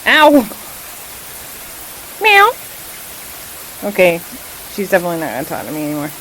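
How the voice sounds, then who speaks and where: A woman's voice: low-pitched, very fast, slight background noise, rough recording. A woman filming her cats at home, playfully teasing them and meowing at them in a casual home video. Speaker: cat owner filming her pets.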